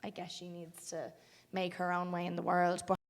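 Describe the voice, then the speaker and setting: Young irish actress, low-pitched, flat delivery, soft-spoken, thoughtful pauses. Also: female voice, creaky. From Ireland. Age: young adult. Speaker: film actress guest. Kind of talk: casual interview chat.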